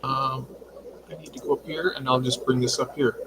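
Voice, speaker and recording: A man's voice: medium pitch, steady tone, normal speed, a bit bright, slight background noise. A man hosting a casual livestream from his fish room at home, chatting and reading out viewer comments. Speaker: livestream host.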